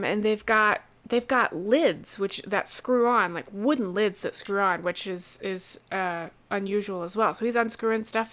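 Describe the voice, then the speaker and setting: Woman game master narrating a tabletop session; easygoing, stop-start delivery at a medium pitch. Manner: relaxed, halting narration with many restarts.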